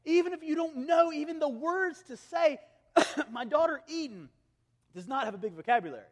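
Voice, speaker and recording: A man in his thirties, a pastor preaching a sermon, who swings between raised, urgent passages and hushed, gentle ones. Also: very high-pitched, expressive, moderate pace. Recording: long reverb of a large hall.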